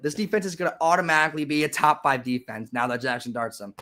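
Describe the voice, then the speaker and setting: A young man hosting a live stream, chatting casually and sarcastically, with frequent restarts and sudden loud rants. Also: on the high side, expressive, quick pace, hardly any pauses. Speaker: livestream host.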